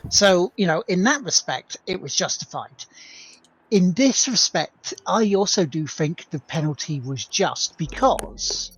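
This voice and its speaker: A man's voice: sits high, lively intonation, unhurried, husky, poor audio. A man co-hosting a podcast, making his case in a casual discussion and backing it with examples. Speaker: podcast co-host. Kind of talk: casual chat.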